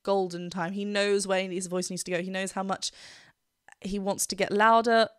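A woman's voice: mid-range voice, level tone, moderate pace, smooth, no room sound, clean studio sound. A woman vocal coach giving enthusiastic, technical reaction commentary, gushing over what she hears and humming along. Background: the song she is reacting to plays behind her.

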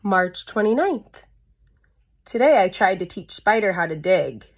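A husky, unhurried voice of medium pitch with big pitch swings belongs to a woman at storytime. She reads a picture book aloud to young listeners, making playful sound effects and chatting with them between pages.

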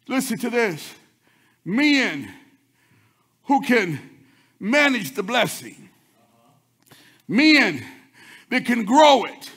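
A male pastor a sermon, swinging between loud chanted shouts and quick low murmurs. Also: gravelly, slightly rough.

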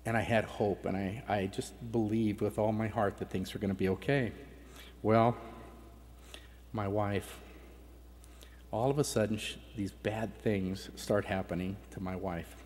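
A man's voice: on the low side, steady tone, unhurried, long pauses, darkish tone. A middle-aged man giving a heartfelt personal testimony at a conference, his voice catching with emotion now and then. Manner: emotional, voice breaking at times. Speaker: conference speaker. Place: large conference hall. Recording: long hall reverb.

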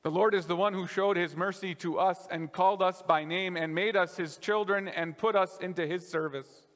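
High-voiced pastor in reverberant church. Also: male voice, steady tone, normal speed. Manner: conversational preaching, drops softer on key lines. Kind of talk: sermon. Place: church sanctuary.

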